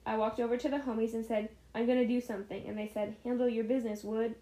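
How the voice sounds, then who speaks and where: A woman's voice: on the high side, level tone, fast talker, dark tone. Giggly woman in an echoey room. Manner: giggly, stumbles and restarts while reading. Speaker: podcast co-host reading stories. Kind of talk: casual chat, reading stories aloud.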